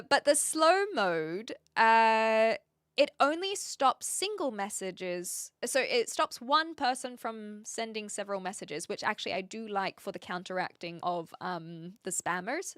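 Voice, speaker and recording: A woman live streamer with a slightly high, somewhat bright voice chats casually with her viewers and reads their chat messages. She thinks aloud and laughs often. The recording is dry, with clean studio sound.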